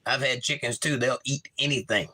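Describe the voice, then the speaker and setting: Male stream host, bright tone, casual and chatty, animated comment reader. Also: brisk. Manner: reads chat messages aloud and answers them warmly; animated, pitch jumps when reading comments. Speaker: livestream host. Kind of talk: casual chat reading viewer comments aloud.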